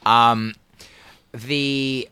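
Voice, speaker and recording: A man's voice: medium pitch, steady tone, drawn-out words, bright, forceful tone, clean tone, no echo. A man, a comedian guest on a podcast, riffing with rambling jokes and false starts. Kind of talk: casual comedic chat.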